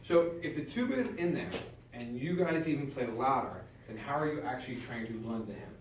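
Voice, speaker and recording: A man coaches a small brass ensemble, speaking directly and encouragingly as he counts the players in. His voice sits in a middle pitch. The room is echoey, he is recorded from some distance, and there is faint background noise. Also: lively intonation, a little fast. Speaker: band clinician coaching a student brass ensemble. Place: band room.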